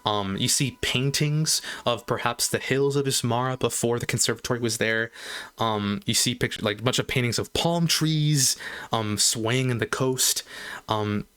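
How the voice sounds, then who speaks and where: A man's voice: medium pitch, moderate pace, fairly bright tone, clean tone. A man narrating a tabletop game as game master, casual and full of fillers. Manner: casual, filler-heavy, descriptive.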